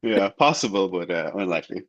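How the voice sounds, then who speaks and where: A man co-hosting a casual podcast, excitable and sweary, with quick outbursts. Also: deep voice. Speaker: podcast co-host. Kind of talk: casual chat. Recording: lo-fi dull sound.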